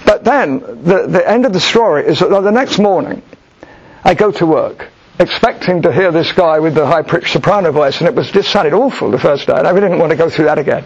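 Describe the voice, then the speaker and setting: A middle-aged man answering an audience question with a personal story, thoughtful and halting, with frequent restarts. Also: fairly high pitch, vocal fry, husky. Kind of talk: storytelling Q&A talk. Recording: dull lo-fi recording.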